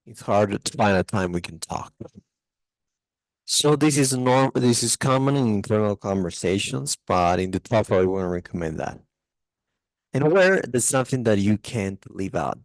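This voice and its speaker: A man teaching English grammar online, explaining in a relaxed way with many fillers. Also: fairly low pitch, moderate pace, no echo, low-quality recording. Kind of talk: online test-prep tutoring.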